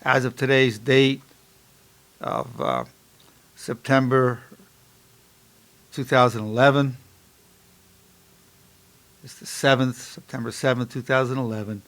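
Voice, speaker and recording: Gravelly emphatic man in his sixties lecturing. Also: mid-range voice, animated. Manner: repeats affirmations slowly and softly during exercise. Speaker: psychologist lecturer. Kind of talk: instructional lecture with guided exercise.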